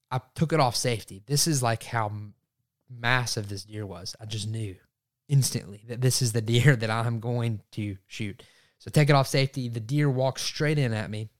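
A young man, telling a hunting story on a podcast and acting out his own thoughts. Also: mid-range voice. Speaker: podcast host. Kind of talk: casual storytelling.

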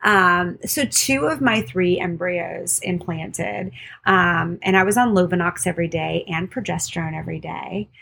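A woman's voice: fairly low pitch, unhurried, gravelly, a bit bright, a little hiss or hum. A woman midwife and podcast co-host candidly telling a personal story in casual conversation. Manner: candid, storytelling with quoted voices.

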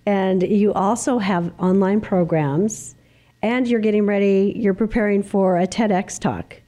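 A woman hosting a conversational interview, full of effusive encouragement for her guest. Her voice has a mellow, dark tone, and her pitch sits in the middle. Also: fairly even intonation, unhurried. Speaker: interview host.

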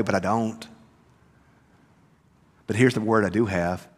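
A pastor delivering a sermon, moving between hushed, tender passages and loud, rising preaching. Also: male voice, on the low side, a little slow, long pauses, slightly rough. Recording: reverberant church hall.

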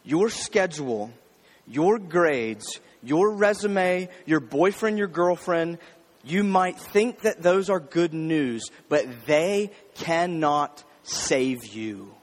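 A man delivers a sermon in a casual, conversational way, often speaking straight to his listeners. His voice sits a little high for a man. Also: expressive, takes it slowly, in a large hall. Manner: conversational preaching, addressing the crowd with "y'all". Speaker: pastor.

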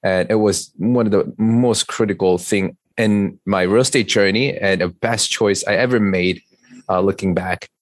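Deep-voiced man with a Korean accent. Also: normal speed, dry recording. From South Korea. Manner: earnest, plain-spoken, with repeated restarts. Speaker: podcast guest. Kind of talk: conversational interview.

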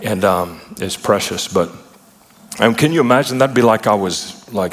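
A man preaching a sermon in a conversational style, breaking into animated asides and playful retellings. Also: medium pitch, moderate pace. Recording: long hall reverb.

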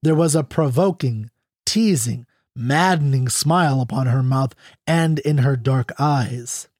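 A man narrating a classic short story in a measured, expressive audiobook reading. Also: medium pitch, no echo, clean studio sound.

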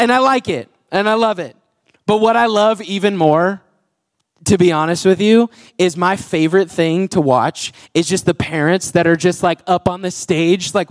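A man's voice: sits high, no room sound, clean studio sound. A young adult man preaching a casual, joking sermon to his church, full of "like" fillers. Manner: chatty, jokey, full of "like" fillers. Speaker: pastor and worship leader. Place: church auditorium with a congregation.

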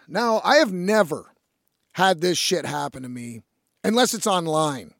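A young musician tells a rambling story, cursing freely and turning to his listeners as folks. His voice sits high and swings widely in pitch, with a gravelly fry at the edges. The sound is close and dry. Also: a little slow, no echo. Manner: animated, swearing freely, addresses listeners as folks. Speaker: independent musician. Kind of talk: casual profane storytelling.

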